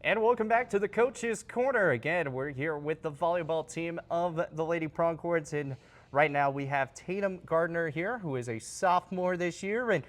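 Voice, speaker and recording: A man's voice: fairly high pitch, moderate pace. A man hosting a sports interview show, asking long, rambling questions in a casual way.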